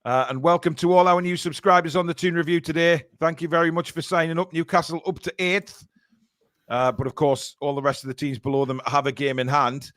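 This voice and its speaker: A man giving live fan commentary on a football match. His voice sits a touch high. He talks in an excitable, blunt way and swears now and then. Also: fairly quick. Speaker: fan channel co-host.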